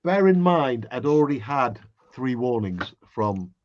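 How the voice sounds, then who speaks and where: A man with an English accent chats casually with friends on a livestream, breezy and self-mocking. His voice sits at a middle pitch. The audio is dry and a bit dull and lo-fi. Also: big pitch swings, a little slow, a little mellow, no room sound. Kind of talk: casual group chat on a livestream.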